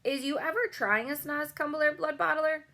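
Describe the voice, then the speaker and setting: A big, kindly male giant who jumbles his words and grammar, put on by a woman reading aloud. His voice rides high and bright above the narration, eager and a touch worried. A storybook giant with a soft heart. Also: steady tone, moderate pace, gravelly, full character voice. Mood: cheerful. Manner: anxious, mangled words.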